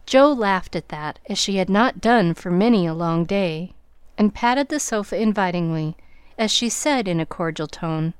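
A woman narrating a classic novel in a measured, even storytelling manner. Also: mid-range voice, clean tone, dry recording. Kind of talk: audiobook narration.

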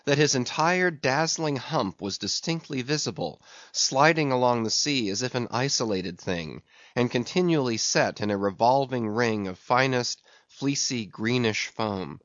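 Man, audiobook narration, measured reading, dull muffled sound, dry close recording. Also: medium pitch, fairly bright tone, no room sound. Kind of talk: scripted narration.

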